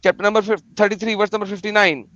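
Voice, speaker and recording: A man calling in as a guest on a livestream chat, speaking emphatically and reciting scripture quickly. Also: high-pitched, level tone, pushed and bright, no echo. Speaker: guest caller. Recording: dry, dull lo-fi call audio.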